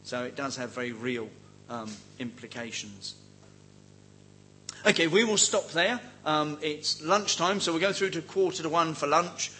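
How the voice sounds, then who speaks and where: A man leads a seminar in a relaxed, joking way, padding his points with ums and wry asides. His voice sits a little high and rings bright and forward. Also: a little slow, a little hiss or hum, rough recording. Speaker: seminar speaker on cults. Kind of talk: informal teaching talk.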